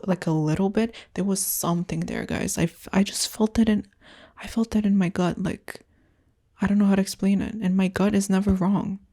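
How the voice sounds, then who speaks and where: A young woman from Canada talks through her dating woes on her own podcast, candid and rambling. Her voice is mellow and warm, at a middle pitch for a woman. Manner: candid, rambling, frustrated venting. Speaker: podcast host. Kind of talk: casual solo podcast chat.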